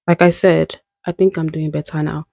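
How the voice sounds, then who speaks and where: A woman's voice: deep voice, little pitch movement, normal speed, vocal fry, a little mellow, no room sound. A young woman vlogging in a candid, musing way, often laughing at herself as she reflects. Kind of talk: reflective casual monologue.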